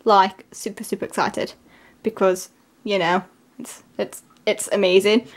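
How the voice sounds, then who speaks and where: A woman talking casually in a vlog, gushing and excitable, with lots of filler words. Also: medium pitch, measured pace. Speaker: vlogger.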